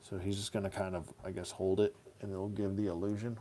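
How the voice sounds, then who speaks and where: A man's voice: sits low, flat delivery, a little fast, mellow, slight background noise. Chatty, goofy man reviewing toys. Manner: chatty, goofy, hums silly rhymes. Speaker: toy collector reviewing action figures. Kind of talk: casual hands-on review.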